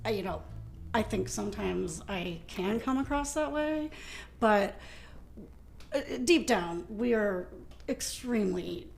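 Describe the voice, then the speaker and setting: Woman, middle-aged, gymnastics coach and musician, hesitant, reflective, casual chat, middle pitch. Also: expressive, takes it slowly, gravelly, slight background noise. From Ohio, USA. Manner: reflective, hesitant with many fillers.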